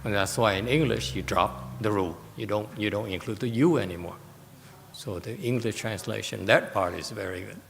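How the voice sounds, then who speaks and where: A man giving a Buddhist Dharma lecture, explaining slowly and deliberately and taking questions from listeners. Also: fairly low pitch, gravelly, fairly bright tone, big-room sound, slight background noise. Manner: slow, deliberate, explaining with emphasis. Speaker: Buddhist teacher. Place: meditation hall.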